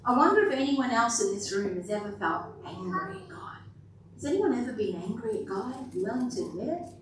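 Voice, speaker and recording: A high-voiced woman pastor preaching to her church in an easy, chatty manner and quizzing the room as she goes. Her voice bounces around a large, very echoey hall and is picked up from a distance. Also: big pitch swings, brisk, noisy background. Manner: conversational and playful, asking the room questions. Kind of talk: sermon.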